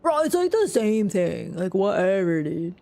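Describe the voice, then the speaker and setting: A woman's voice: medium pitch, big pitch swings, unhurried, gravelly, mellow. A woman voicing a careless dude bro who brushes everything off with slang. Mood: dismissive. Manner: brash, dismissive, slangy.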